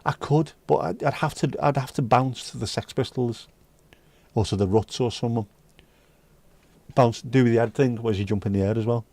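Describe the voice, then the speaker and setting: A man hosts a live stream, reading viewers' messages aloud, joking and bantering with chat in a casual, chatty way and singing snatches of songs. His medium-pitched voice has a darkish tone and a moderate pace, recorded dry.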